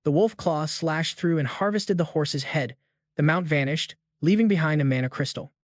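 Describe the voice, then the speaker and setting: A man's voice: a little high, moderate pace, dry recording, clean studio sound. Hyped man narrating a recap. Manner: slangy, hyped-up storytelling. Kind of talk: scripted narration.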